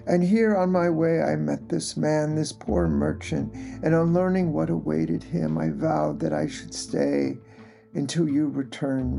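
A man telling an old tale aloud, with slow, unhurried delivery. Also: fairly high pitch, vocal fry, warm tone. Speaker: storyteller. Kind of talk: oral storytelling.

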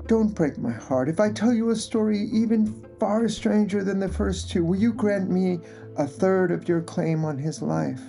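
Slow, gravelly male storyteller over guitar. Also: fairly high pitch, warm tone. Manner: slow, unhurried telling. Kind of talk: oral storytelling.

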